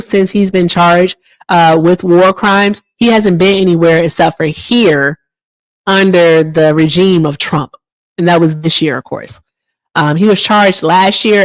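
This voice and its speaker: A woman hosting a political call-in livestream, chatting casually and reading viewers' comments aloud, with teasing jumps up into a high voice. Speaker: livestream host.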